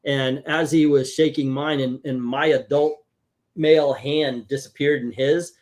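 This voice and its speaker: A man hosting a casual comic book review chat, talking in an animated, chatty way and laughing easily. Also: on the high side, a little slow. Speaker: comic book show host.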